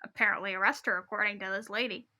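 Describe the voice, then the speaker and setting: A woman's voice: mid-range voice, steady tone, fast talker, pushed and bright. A woman co-hosting a podcast, reading stories aloud and chatting with an emphatic, exasperated manner. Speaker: podcast co-host.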